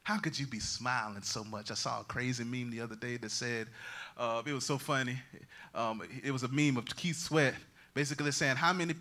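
A man preaching a lively sermon as pastor, swinging from loud proclamations to quiet, joking asides. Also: mid-range voice, fairly quick. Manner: humorous, conversational asides.

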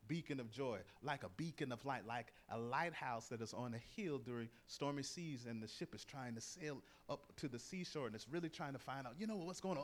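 A middle-aged man preaching a sermon in a relaxed, conversational manner. His voice sits at an ordinary pitch. He reads verses and tells stories with lively energy. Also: brisk, few pauses.

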